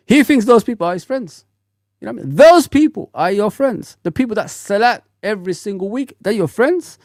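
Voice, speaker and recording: A man in his forties hosts a fan livestream and rants bluntly in a casual, slang-filled way. His voice sits somewhat high and swings widely in pitch. The sound is close and dry, with no room echo. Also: brisk. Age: 40s. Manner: animated, blunt, ranting, slangy. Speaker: football fan channel host.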